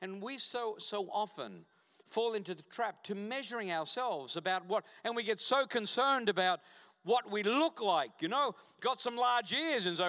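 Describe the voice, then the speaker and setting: Guest pastor, male, high voice, emphatic sermon delivery in a church hall with a long echo. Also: expressive, normal speed, sharp tone. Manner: emphatic, repeats short punchy phrases.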